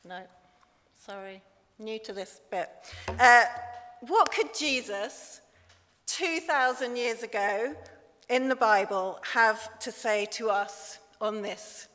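A woman's voice: a little high, takes it slowly, pushed and bright. Chatty woman preaching in church. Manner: chatty, self-deprecating humour. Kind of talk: sermon. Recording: long church reverb.

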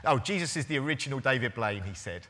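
A man's voice: medium pitch, animated, fast talker, pushed and bright. A man in his forties preaching a sermon as pastor, telling a story with restarts and acting out both sides of the conversation. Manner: storytelling, with hesitant restarts and acted-out dialogue. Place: church hall. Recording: long hall reverb.

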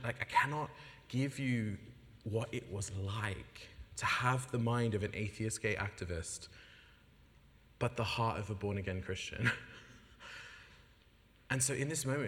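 A man giving an animated personal testimony as a guest preacher, acting out the voices of the people in his story and laughing often. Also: mid-range voice. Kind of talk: testimony in a sermon. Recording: long hall reverb.

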